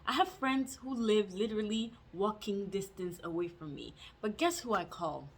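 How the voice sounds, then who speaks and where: A woman's voice: mid-range voice, moderate pace, husky. A young adult woman telling a storytime vlog in a casual, chatty way, full of "like" fillers and self-mocking asides. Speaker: vlogger.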